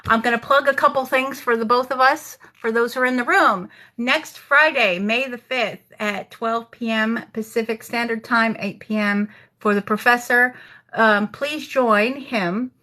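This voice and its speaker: A woman with a bright, forceful voice, co-hosting in an earnest, supportive tone. Her humour stays mock-solemn and her speech is full of fillers. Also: on the high side, unhurried. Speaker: rabbi and co-host. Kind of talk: casual chat.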